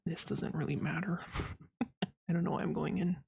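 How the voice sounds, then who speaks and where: A giggly, rambling woman chats casually while she draws on stream, tossing out silly little sound effects. Her voice sits low, with a gravelly, husky grain. It is close and dry on a desk mic, with no room sound around it. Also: steady tone, normal speed, darkish tone, no room sound. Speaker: art streamer. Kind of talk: casual chat while drawing.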